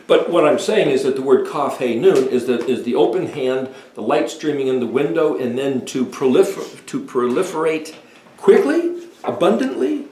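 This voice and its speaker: A man in his sixties giving a deliberate, emphatic talk explaining Hebrew words as a home Bible teacher. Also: mid-range voice, dark tone, a little hiss or hum. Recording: echoey room.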